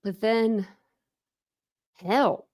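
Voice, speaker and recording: Speaking very slowly in a fairly high, slightly mellow voice, this true crime host rambles through a casual livestream chat, leaning heavily on "like" and responding to viewer comments as they come in. The recording is dry and studio quality.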